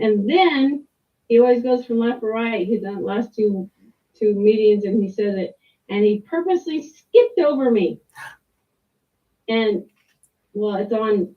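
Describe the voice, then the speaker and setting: A middle-aged woman giving a rambling, candid personal testimony with restarts and mild swearing. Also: medium pitch. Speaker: client sharing a testimonial. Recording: tinny phone-like line, distant from the mic.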